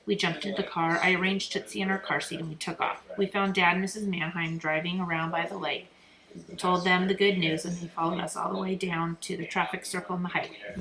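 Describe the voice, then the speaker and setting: A woman reading a children's novel aloud with expressive storytelling. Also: fairly low pitch, a little fast. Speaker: reader. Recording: roomy echo, crowd murmur behind.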